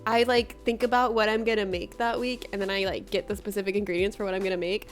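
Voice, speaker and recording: A woman's voice: mid-range voice, level tone, quick pace, soft background music. A young woman streamer chatting casually with her viewers, bubbly and laughing often as she greets them by name. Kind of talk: casual livestream chat with viewers.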